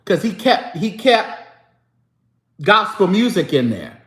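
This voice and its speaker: Host, man, high voice, unhurried, chatty gospel-music talk with sung snippets, echoey room. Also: very animated, a bit bright. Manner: chatty, breaks into snatches of singing. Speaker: show host. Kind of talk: casual live-stream chat about gospel music.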